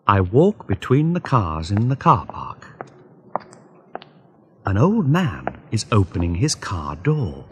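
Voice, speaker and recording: Slow, husky male storyteller. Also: on the low side, wildly swooping pitch. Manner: deliberate, clearly spaced phrasing. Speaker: reader. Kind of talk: slow graded-reader story narration for learners.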